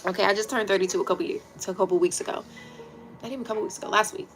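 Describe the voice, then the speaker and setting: A woman in her thirties with a Washington, D.C. accent, chatting casually and bluntly with her livestream viewers, swearing freely and dropping into quiet asides. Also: medium pitch, steady tone, racing, faint music behind, low-quality recording. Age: 30s. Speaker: livestream host.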